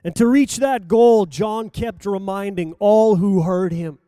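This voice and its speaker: A man delivers a sermon in a high but mellow voice. He speaks slowly and deliberately, rising for emphasis and sinking quiet at the ends of phrases. The recording is close and dry. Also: no room sound. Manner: slow, measured preaching that rises and falls for emphasis. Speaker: preacher.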